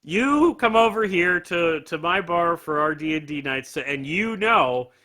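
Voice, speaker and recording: A man's voice: on the high side, expressive, a little slow, a crowd in the background. A man in his thirties, a podcaster, chatting casually from his home bar and giving strong opinions with frequent laughs. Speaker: podcaster guest. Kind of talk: casual chat.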